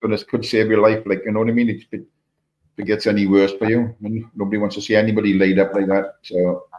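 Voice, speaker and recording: A man's voice: on the low side, flat delivery, fast, a little mellow, dull audio. A man co-hosting a live stream, chatting in a matey way, asking questions and swearing casually. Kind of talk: casual chat.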